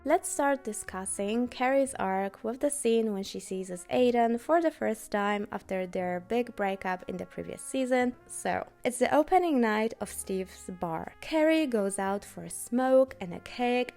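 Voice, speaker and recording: A woman's voice: a little high, darkish tone. A woman with the flu and a nasal voice, giving a sarcastic, chatty commentary in a reviewing video. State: has the flu. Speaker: TV series reviewer.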